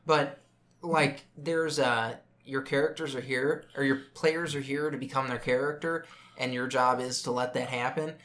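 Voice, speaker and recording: Guy explaining how to run a game, kinda stammery, regular pitch. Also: steady tone, normal speed, a bit bright. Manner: earnest, explanatory, some stammering restarts. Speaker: podcast co-host. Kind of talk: casual chat about tabletop gaming.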